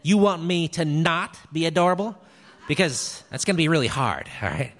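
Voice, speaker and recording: A man's voice: on the high side, lively intonation, normal speed, fairly bright tone, big-room sound. A man playing an indignant short actor. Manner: hesitant then indignant, sarcastic. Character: grumpy short actor auditioning as leprechaun, touchy. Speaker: sketch comedy actor. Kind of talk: comedy sketch on radio.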